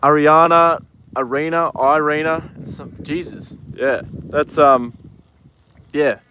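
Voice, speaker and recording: An Australian man hosts a casual live stream outdoors at a horse paddock, easygoing as he chats to his horse and reads viewer comments. His voice is on the high side, steady in tone, slow, pushed and bright, with a little hiss or hum in the audio.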